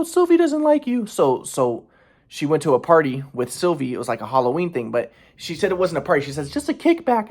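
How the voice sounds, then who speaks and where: A man in a casual personal monologue, rambling and repeating himself, aggrieved and swearing heavily. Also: medium pitch. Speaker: vlogger.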